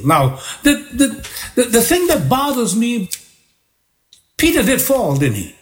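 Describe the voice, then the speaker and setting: Man, pastor, sermon, high voice, unhurried delivery, repeated rhythmic phrases. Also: big pitch swings.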